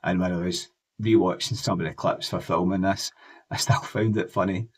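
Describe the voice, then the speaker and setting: A man's voice: deep voice, steady tone, moderate pace, slightly rough. A man, chatting in a rambling, enthusiastic way as he looks back on old TV shows and films for his vlog. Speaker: music and pop culture vlogger. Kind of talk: casual nostalgic retrospective.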